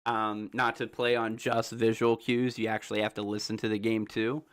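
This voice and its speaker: A man's voice: fairly low pitch, level tone, moderate pace, a bit bright, clean tone. A man hosting a livestream, rambling through theories in loose casual chat, full of fillers and asides to viewers. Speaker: livestream host.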